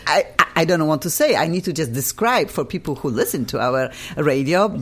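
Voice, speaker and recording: A middle-aged woman from Poland with a Polish accent, hosting a lively radio talk show, effusive and laughing often. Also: low-pitched.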